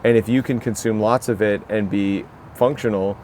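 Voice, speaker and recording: A man's voice: fairly low pitch, fairly even intonation, moderate pace, darkish tone, a little hiss or hum. An American man talking in a casual podcast conversation, telling stories in a rambling, reflective way. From United States. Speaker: podcast co-host.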